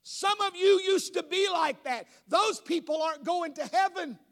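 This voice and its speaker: Pastor, male, high-pitched, sermon delivery that climbs to shouting. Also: normal speed, vocal fry. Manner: preaching, rising to shouts. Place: church.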